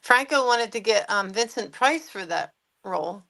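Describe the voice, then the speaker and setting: A woman co-hosting a casual film discussion, unhurried and quick to laugh. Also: mid-range voice, animated, vocal fry, a bit bright, poor audio.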